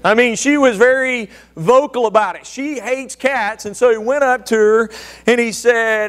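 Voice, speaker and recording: A man's voice: very high voice, normal speed, fairly bright tone, clean tone. A man preaching a sermon, telling a folksy joke story and calling out questions to the congregation. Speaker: pastor.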